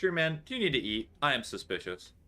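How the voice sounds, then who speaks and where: A man's voice: mid-range voice, big pitch swings, quick pace, pushed and bright. A man streaming a game, chatting casually with viewers in a joking, sarcastic way. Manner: joking, sarcastic, laughs often. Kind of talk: casual live-stream chat while gaming.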